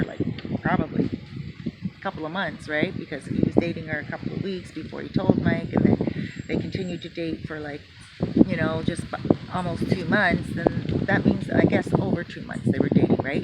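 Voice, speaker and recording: Woman storyteller, low voice, chatty casual delivery, acts out the quotes, for a true-story retelling. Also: very noisy.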